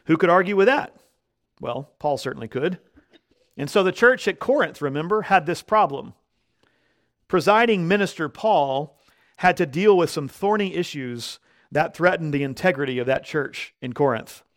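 Male preacher, slightly high voice, emphatic sermon delivery, punches key words. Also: animated, a bit bright. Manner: slows down when quoting scripture. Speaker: pastor.

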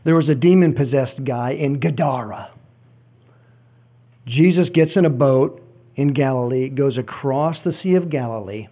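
A man's voice: medium pitch, measured pace, mellow. A man preaching a sermon in a conversational, joking way with frequent asides. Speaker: pastor.

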